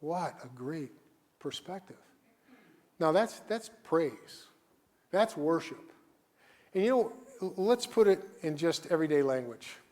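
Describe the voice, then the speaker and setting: Male guest preacher, slightly high voice, slow deliberate sermon delivery with big dynamic swings. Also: expressive. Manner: dramatic swings between loud emphasis and quiet asides.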